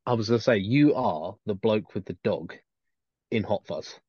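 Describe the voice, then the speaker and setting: A man with a fairly low voice talks his way around a point, full of restarts and fillers. The recording is dry and a little dull. The chat stays casual and unscripted. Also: lively intonation, normal speed, darkish tone, husky, no echo. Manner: rambling, many restarts and fillers. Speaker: podcast co-host.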